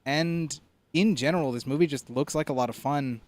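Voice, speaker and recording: A man's voice: on the high side, normal speed, a little mellow. A man co-hosting a casual movie podcast, talking earnestly about what he likes. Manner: earnest, enthusiastic. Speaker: podcast co-host. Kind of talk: casual chat.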